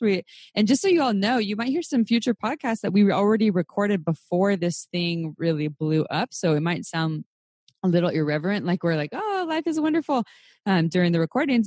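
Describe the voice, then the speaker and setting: A young adult woman co-hosting a podcast in casual chat, candid, swearing freely and laughing often with animated outbursts. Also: low-pitched, dry recording, clean studio sound. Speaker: podcast co-host.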